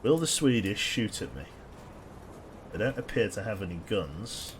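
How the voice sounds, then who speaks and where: Low-voiced sardonic male game streamer. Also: big pitch swings, normal speed, background noise. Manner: dry, sardonic play-by-play, swearing casually. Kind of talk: live gameplay commentary to chat.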